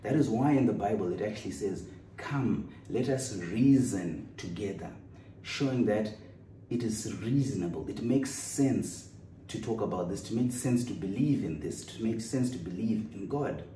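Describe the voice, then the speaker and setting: A man's voice: lowish voice, expressive, moderate pace, warm tone. A man preaching a sermon with an earnest, storytelling delivery, recorded in a church. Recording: roomy echo, distant mic, faint noise.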